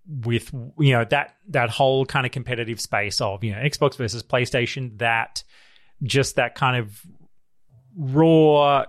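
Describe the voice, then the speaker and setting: A man's voice: mid-range voice, fairly bright tone. A man co-hosting a casual podcast chat, rambling and hedging with "sort of" and "you know". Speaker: podcast co-host.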